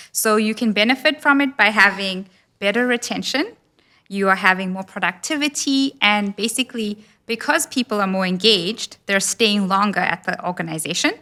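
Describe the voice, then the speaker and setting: A woman with a South African accent, speaking as an HR expert guest and giving composed, clear explanations. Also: mid-range voice, bright, forceful tone. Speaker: HR business partner guest. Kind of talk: expert interview answers.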